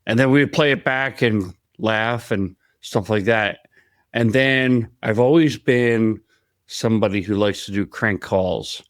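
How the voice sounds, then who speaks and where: A man's voice: fairly low pitch, unhurried, dry recording, clean studio sound. A male podcast co-host telling rambling stories in casual chat, laughing as he goes.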